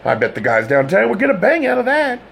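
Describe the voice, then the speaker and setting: A man voicing an indignant, hot-tempered young man who rants and shouts, his pitch climbing high. The voice swings widely and carries a gravelly rasp, with a faint hum of ambience behind it in this audiobook. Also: huge pitch swings, fast, heavily acted. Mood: furious.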